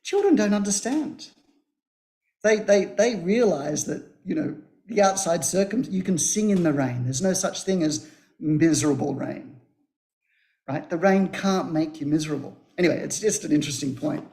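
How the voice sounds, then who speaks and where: A man's voice: a little high, lively intonation, moderate pace, darkish tone. A man, a guest author, animatedly retelling a children's story on a talk show.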